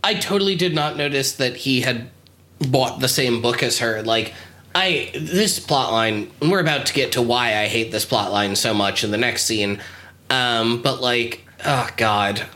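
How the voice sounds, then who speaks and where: A woman's voice: rumbling low, a little slow, fairly bright tone. A woman co-hosting a podcast, chatting casually and bluntly criticizing a TV episode, laughing often. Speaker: podcast co-host.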